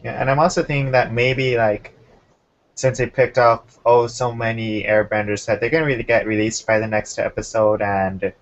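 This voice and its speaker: A young man hosting a casual chat, relaxed and talkative, keeping an eye on the time. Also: mid-range voice, moderate pace. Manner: relaxed, chatty, keeps time. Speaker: podcast host. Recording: muffled lo-fi recording.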